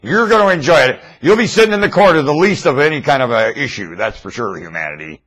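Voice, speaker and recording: Man, webcam monologue; husky, bright, swings his pitch all over, rambling and excitable. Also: quick pace, low-quality recording. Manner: rambling, excitable, often laughing. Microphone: webcam microphone.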